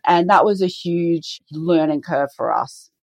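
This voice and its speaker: Speaking a little slowly in a lower register, with no echo, a middle-aged business co-founder tells animated stories during a conversational podcast interview. She performs the dialogue she quotes.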